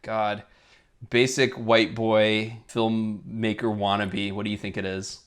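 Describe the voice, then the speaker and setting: A man's voice: lowish voice, flat delivery. A man co-hosting a podcast, jokey and enthusiastic in a casual movie review chat. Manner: jokey, quick to laugh, enthusiastic. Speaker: podcast co-host.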